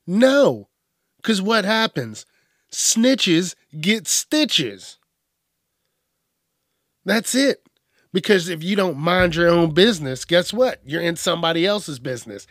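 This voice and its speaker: A man's voice: high voice, fairly bright tone, dry recording, clean studio sound. A man on a podcast, ranting crudely and mockingly with lots of swearing. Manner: profane, mocking, acts out whiny voices. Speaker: podcast host. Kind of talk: crude comedic rant.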